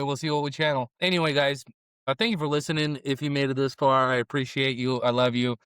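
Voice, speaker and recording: Mid-range and fairly bright, his smooth voice keeps a fairly even intonation at a fairly quick pace, with no echo. A middle-aged food vlogger and comedian, he reviews tacos on camera at a taco restaurant in a casual vlog, swearing and rambling between mouthfuls and sad confessions while grieving and close to tears.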